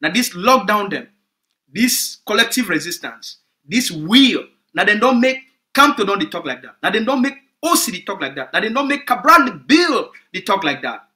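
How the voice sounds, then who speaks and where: Man, Cameroonian Pidgin English accent, bright voice, emphatic political address. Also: high-pitched, big pitch swings, moderate pace. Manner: emphatic, repetitive, rallying. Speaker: movement spokesman.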